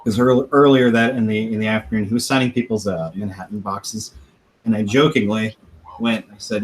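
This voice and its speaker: A man's voice: fairly low pitch, fairly even intonation, a little fast, slight background noise, poor audio. A man on a podcast casually telling a long profane story, laughing now and then and acting out what others said. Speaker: podcast host.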